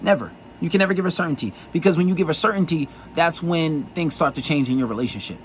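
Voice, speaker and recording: A man's voice: fairly high pitch, fast talker, a little hiss or hum, low-quality recording. Blunt, profane man giving dating advice. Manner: blunt, profane and insistent, with lots of repetition. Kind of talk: blunt monologue to camera.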